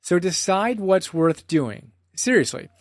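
Male speaker, earnest and animated conversational teaching talk, emphatic quoting, dry recording. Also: high voice, unhurried, dry recording. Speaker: self-help speaker.

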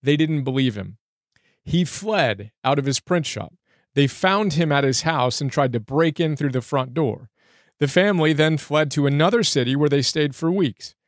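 A man's voice: on the high side, normal speed, dry recording, clean studio sound. A man hosting a show that reads from and reviews a book, speaking in an earnest, sincere way. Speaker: book summary host. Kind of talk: reading aloud and reviewing a book.

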